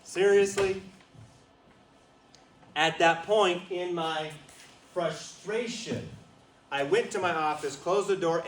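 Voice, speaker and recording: A man telling a story at a retreat, animated, laughing often and asking the listeners questions. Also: fairly high pitch, takes it slowly, pauses often. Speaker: guest speaker at a retreat. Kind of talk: storytelling talk to an audience. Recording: roomy, distant, faint noise.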